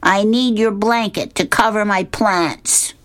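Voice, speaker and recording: A woman's voice: mid-range voice, takes it slowly, voice pushed up, natural voice. A woman voicing a bossy young girl who reads out a comic strip on the radio. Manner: demanding.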